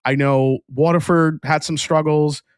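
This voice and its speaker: A man's voice: a little high, steady tone, measured pace, smooth, no echo, clean studio sound. A man hosting a whiskey review livestream in a casual, rambling way, often restarting sentences and answering chat.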